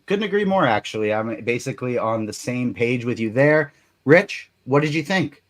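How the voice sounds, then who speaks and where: A man's voice: mid-range voice, lively intonation, moderate pace. A man hosting a live chat show, upbeat and laughing between his points. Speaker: show host. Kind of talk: casual chat.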